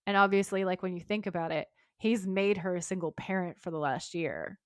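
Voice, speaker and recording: A woman's voice: lowish voice, a little fast, no echo, studio quality. A woman co-hosting a podcast, animatedly retelling a TV episode in casual chat and swearing freely. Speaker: podcast co-host.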